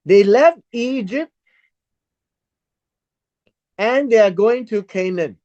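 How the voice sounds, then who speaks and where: Slow, lively-pitched Bible teacher. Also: dull audio. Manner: reads verses aloud and explains them word by word.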